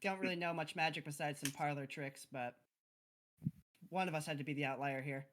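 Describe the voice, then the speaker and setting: A man's voice: on the high side, steady tone, a little fast, a bit bright. A man speaking in character as a tabletop game player, casual and wry.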